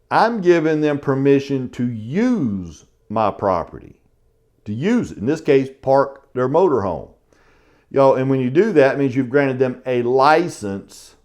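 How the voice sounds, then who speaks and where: A man's voice: medium pitch, darkish tone. A middle-aged man, teaching a casual real estate lecture in a folksy way and saying "y'all" often. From South Carolina.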